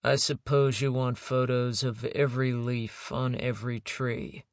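A male narrator voicing a thin, bearded male police photographer who speaks deadpan and unsmiling. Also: medium pitch, a little slow, no room sound, clean studio sound, close to an everyday voice. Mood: dry.

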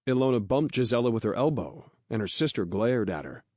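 Speaking in a mid-range voice, a man reads an audiobook with a calm, even storytelling delivery. The recording is dry and studio quality.

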